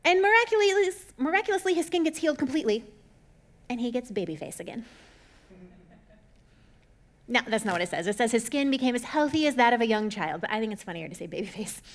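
Woman, fairly high voice, casual storytelling, jokey asides, acts out characters. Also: sing-song, fast, long pauses. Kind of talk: casual Bible story retelling.

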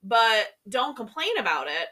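Woman co-host, bright voice pitched a touch high, opinionated and exasperated, casual chat. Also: sing-song, a little slow. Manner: opinionated and exasperated, scolding the characters. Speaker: book discussion co-host.

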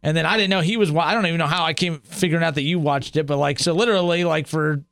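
Fast-talking young man telling rambling stories. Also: a little high, creaky, fairly bright tone, smooth, no room sound, studio quality. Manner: rapid rambling storytelling, acts out quotes. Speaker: guest, radio station sales staff. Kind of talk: casual podcast chat.

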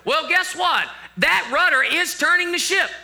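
A middle-aged male pastor delivers his sermon with a high, very bright voice. His pitch moves around freely, and he keeps it conversational with joking asides to the congregation. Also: animated, unhurried, creaky.

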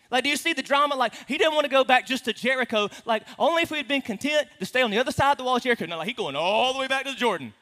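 A man preaching a sermon to a congregation, animated and playful, with teasing asides to the room. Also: extremely high pitch, racing, hardly any pauses. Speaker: pastor. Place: large hall with a congregation. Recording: reverberant hall.

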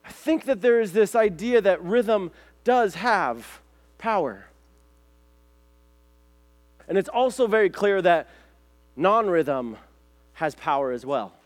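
A man with a high voice preaches to a group of listeners in a relaxed, talkative way. He keeps checking in with quick questions, repeats himself as he goes, and sounds like a friendly youth pastor. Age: adult, has a son. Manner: lively, chatty, repeats words and asks "right?", "okay?". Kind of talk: casual sermon to a group.

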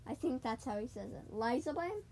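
A woman chatting casually while she plays a video game, excitable and talking straight to her listeners. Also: high-pitched, fairly quick, slight background noise. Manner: chatty and excitable, keeps addressing "guys". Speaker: gaming podcaster. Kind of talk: casual gaming commentary.

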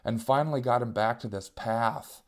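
A man in the middle of a comic story, poking fun at himself as he goes. He talks at an ordinary middle pitch, animated and quick to act out the people in it. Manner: self-mocking, animated, jumps into squeaky voices for quoted cries.

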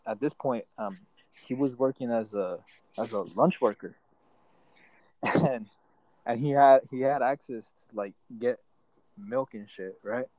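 A man's voice: mid-range voice, darkish tone, dry recording, poor audio. A young man casually telling a school story among friends, full of slang and swearing. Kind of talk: casual chat.

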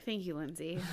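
A woman's voice: lowish voice, vocal fry. A woman co-hosting a podcast in casual chat, making wry joking asides. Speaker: podcast co-host.

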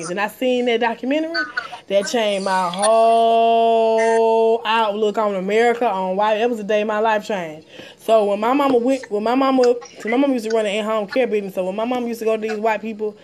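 A woman's voice: fairly high pitch, steady tone, a little fast, a little mellow. A woman talking bluntly and passionately in a casual podcast chat, often repeating words when worked up.

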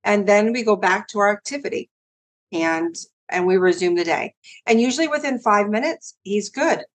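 A woman who is a mother, a guest on an interview podcast, calmly explaining how she handles her son. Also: mid-range voice, moderate pace. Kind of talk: conversational interview.

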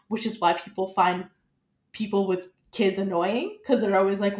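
A young woman co-hosting a podcast in casual chat, animated and swearing freely as she acts out quotes. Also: mid-range voice, normal speed, reverberant. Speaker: podcast co-host.

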